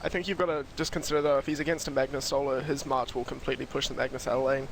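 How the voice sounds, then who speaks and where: A man from New Zealand, a guest commentator, giving relaxed, matter-of-fact analysis of an online game. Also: medium pitch, very fast, slight background noise. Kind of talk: casual esports commentary.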